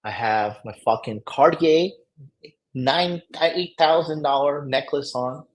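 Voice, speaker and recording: A man's voice: on the high side, takes it slowly, poor audio. A man telling a story casually, boastful and full of swearing, recorded in a private hospital room. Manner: profane, boastful, heavy swearing. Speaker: dating coach vlogger.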